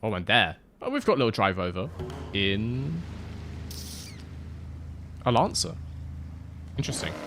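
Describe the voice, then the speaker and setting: A man's voice: on the low side, big pitch swings, unhurried, long pauses, music in the background. A man streaming a driving game live, chatting loosely with his viewers on a close desk mic and rambling through side remarks. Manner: chatty, rambling, answers chat with asides. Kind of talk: live gameplay stream chat.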